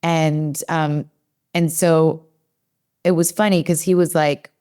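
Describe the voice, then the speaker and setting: Low-voiced woman explaining parenting. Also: fairly even intonation, normal speed, darkish tone, clean tone. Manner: chatty, many fillers and quoted asides. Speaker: guest, developmental psychologist. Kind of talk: conversational podcast interview.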